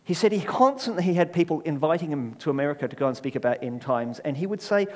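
Animated New preacher, middle-aged man. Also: a little high, quick pace, hardly any pauses. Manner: animated storyteller with wry self-deprecating asides. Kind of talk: sermon.

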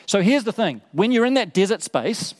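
Male pastor, sermon delivery, earnest and repetitive for emphasis, somewhat high pitch, reverberant hall. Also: big pitch swings, normal speed. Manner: earnest, repeats words for emphasis.

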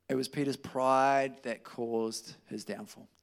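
A man preaching a conversational sermon, lively and informal, slipping into quoted voices. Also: medium pitch, unhurried, creaky, few pauses. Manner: conversational, animated, with restarts and acted quotes.

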